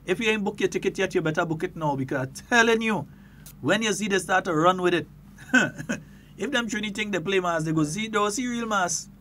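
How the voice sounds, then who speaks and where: A man with a Grenadian accent hosting a radio talk show in casual chat, lively and quick to laugh. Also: high voice, slight background noise. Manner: lively, laughs often, stretches words for emphasis.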